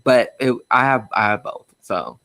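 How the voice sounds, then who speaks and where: A man's voice: medium pitch, big pitch swings, moderate pace, vocal fry, a bit bright, no room sound. A young man speaking as a guest, telling a personal story openly and with feeling, with lots of fillers and nervous laughs. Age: young adult. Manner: open and emotional, with frequent fillers and nervous laughs. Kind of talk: candid personal conversation. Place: inside a car.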